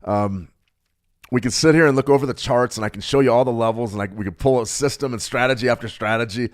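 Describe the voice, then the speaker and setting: A man's voice: mid-range voice, quick pace. A man hosting a live market update, talking through charts in a rambling way with frequent stutters and restarts. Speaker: market analyst host.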